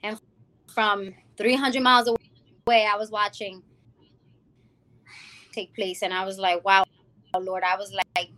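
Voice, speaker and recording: A woman from the Bronx, giving a lively personal testimony as an interview guest and acting out the people she quotes. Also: medium pitch, unhurried, pauses often. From the Bronx, New York. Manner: animated storytelling, acting out quoted people, calls the host "girl". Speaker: guest, music founder.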